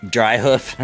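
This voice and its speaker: This game streamer has a mid-range, slightly bright voice. During his casual live-stream he jokes with his viewers, talks back to the game, and teases things happening in it.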